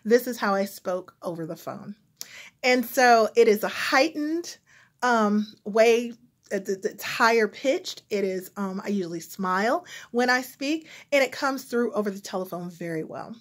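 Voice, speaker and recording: A woman with a General American accent talks to her viewers in a casual, reflective vlog. She pauses often with ums as she gathers her thoughts, her voice sitting at an everyday middle pitch. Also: animated. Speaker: vlogger. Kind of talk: casual talk to camera.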